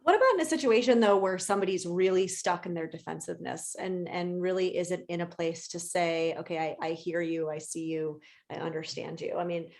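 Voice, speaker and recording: A woman co-hosting a podcast who talks candidly with clients in mind, swearing, laughing and getting animated when she makes a point. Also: fairly low pitch, brisk, hardly any pauses. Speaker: podcast co-host and therapist. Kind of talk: casual podcast chat.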